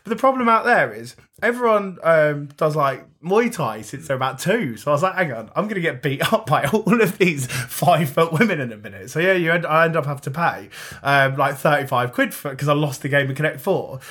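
A man's voice: fairly high pitch, expressive, a little fast, fairly bright tone, slightly rough. Laughing man telling travel tales. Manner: laughing anecdotes. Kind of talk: crude banter between friends.

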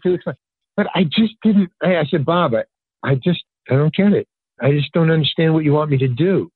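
A husky older guest tells a casual anecdote in an animated, rambling way, acting out what people said with jumps in pitch. He fills pauses and restarts his sentences, and the tinny phone-quality audio is dry, with no echo.

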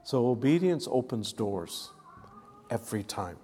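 A man's voice: medium pitch, sing-song, measured pace, mellow, a little hiss or hum. Preacher man in a reverberant hall. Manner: storytelling, calls for audience responses. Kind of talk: sermon.

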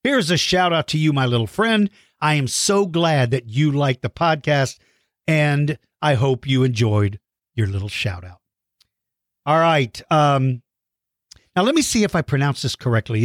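A man's voice: on the high side, animated, unhurried, no room sound. A friendly man answers kids' questions on his podcast in a casual, chatty way, sometimes tripping over tricky names. His voice sits mid-range and sounds close and dry. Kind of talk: casual chat.

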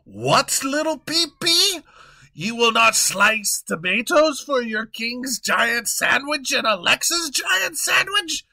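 A man puts on a bossy, blustery king in a comic audio tale, his voice pitched high above his usual speech and ringing bright. He gives orders as if every word were a royal decree, and he shouts when crossed. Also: slow pace, creaky, heavily acted. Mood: indignant. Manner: blustery, commanding, prone to yelling. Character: pompous gluttonous male king, bossy.

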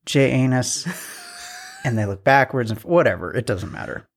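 A man's voice: lowish voice, animated, fast, breathy edge, faint music behind. A man co-hosting a podcast in casual chat, reading out trivia with self-deprecating jokes. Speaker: podcast co-host.

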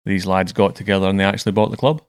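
A man's voice: low-pitched, steady tone, rapid-fire, clear, resonant tone, no echo. A man hosting a podcast, telling stories in a chatty way and often stumbling over his words. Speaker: podcast host. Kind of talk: casual chat.

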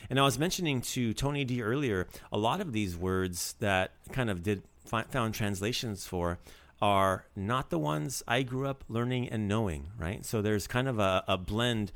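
A man's voice: lowish voice, animated, normal speed, a bit bright. A man hosting a casual podcast lesson, chatty and teasing as he teaches vocabulary and drops in foreign phrases.

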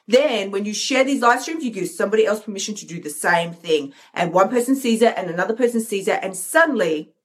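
A woman's voice: mid-range voice, animated, brisk. A woman hosting a motivational live stream, talking energetically and acting out inner voices with emphasis. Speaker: host, coach.

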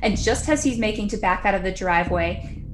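A woman's voice: medium pitch, brisk, a little hiss or hum. A woman casually telling a ghost story on a podcast, chatty and laughing now and then. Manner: chatty, laughs often, acts out quotes.

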